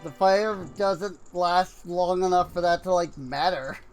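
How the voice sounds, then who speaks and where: A man's voice: sits high, unhurried, smooth, soft background music. A man voicing a chatty, friendly male rock creature in a game, talking out of the side of his mouth.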